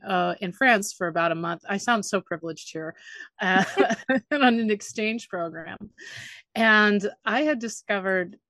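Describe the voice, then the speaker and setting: A woman guest telling family stories in a casual chat, self-deprecating and quick to laugh. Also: medium pitch, fairly bright tone, no echo. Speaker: guest, author and comedian.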